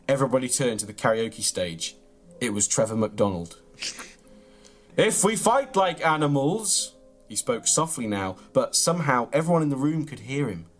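A man, reading his own absurd comic story in a deadpan, mock-grand way, then bantering. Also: mid-range voice. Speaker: comedian reading his own tall tale.

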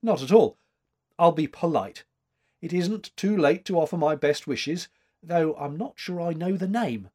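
A man's voice: on the high side, expressive, a little slow, dark tone, pitched above the performer's own voice. A man reading aloud voices a gaunt, lovestruck man who speaks with composed, resolute cheer. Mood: cheerful.

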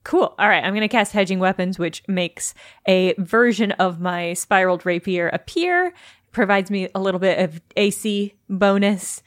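A woman's voice: medium pitch, animated, normal speed, dry recording. A woman playing a tabletop game, explaining her turn with dry, wry asides. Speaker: player. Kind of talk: casual tabletop play.

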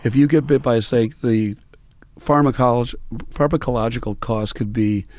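A man's voice: mid-range voice, normal speed, darkish tone. A man, a musician and startup founder, talking casually in a rambling way with many restarts and fillers. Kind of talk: casual conversation.

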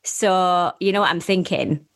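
A woman's voice: lowish voice, a little slow, gravelly. Bubbly, jokey woman guest. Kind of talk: casual chat.

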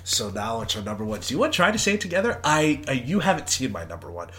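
A young man co-hosting a casual podcast, talking in a playful, jokey, animated way. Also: mid-range voice, fast talker. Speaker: podcast co-host. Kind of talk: casual chat.

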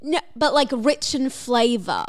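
Chatty woman rambling a silly story, slow talker, up and down pitch. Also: lively intonation. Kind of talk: casual chat.

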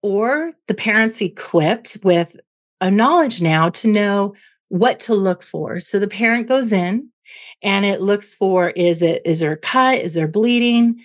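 An animated, unhurried woman with a medium-pitched voice talks as an interview guest. She's a clinical psychologist, and she makes emotions understandable with everyday comparisons, often adding "right?"

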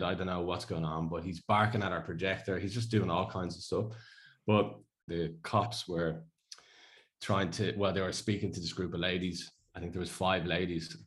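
Deep-voiced Irish man telling stories. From Ireland. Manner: rambling storyteller, laughs often. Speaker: podcast co-host. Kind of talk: casual chat.

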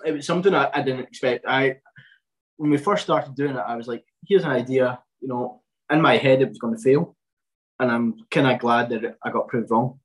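A man's voice: medium pitch, moderate pace, poor audio. A young man in his twenties, a podcast guest chatting casually, with many fillers and restarts. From Scotland. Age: 20s. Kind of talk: casual chat.

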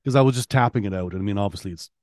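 A lower-pitched man talking casually on a music podcast. His speech is halting and full of restarts, and he swears freely while teasing his co-host. The recording is close and dry. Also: a little mellow, no room sound. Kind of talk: casual chat.

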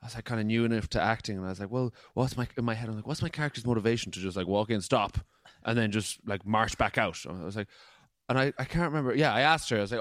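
A man's voice: lowish voice, fast talker, a bit bright, dry recording, studio quality. A man co-hosting a podcast, telling stories in casual chat and acting out the quoted lines. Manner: storytelling that acts out quoted lines. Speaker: podcast co-host.

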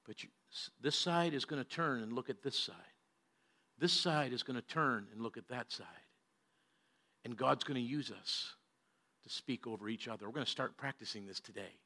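Bright-voiced older man preaching. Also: medium pitch, moderate pace. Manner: storytelling preacher, swings from loud to hushed. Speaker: pastor. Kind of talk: sermon.

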